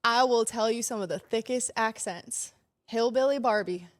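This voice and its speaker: A playful, bubbly woman co-hosting a loose chat. Her voice sits a little high. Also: normal speed. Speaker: co-host. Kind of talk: casual chat.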